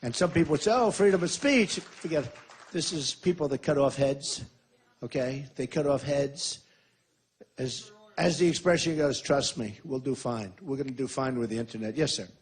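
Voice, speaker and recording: Husky man giving an emphatic campaign speech. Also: mid-range voice, normal speed. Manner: emphatic, repetitive, boastful. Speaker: presidential candidate at a rally.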